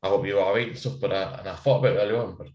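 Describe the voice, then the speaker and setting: A man rambles through casual podcast banter over a few beers, laughing and swearing as he goes. His voice sits a little low. The room around him rings with echo. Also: fairly even intonation, very fast, darkish tone, dull audio. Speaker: podcast co-host. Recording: echoey room.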